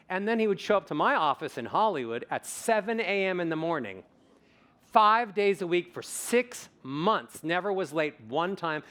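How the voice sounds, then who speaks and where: Upbeat male vocal coach on stage. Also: on the high side. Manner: animated, emphatic, repeats words for stress. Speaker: vocal coach and summit speaker. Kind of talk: conference talk with audience questions. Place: conference stage before a live audience.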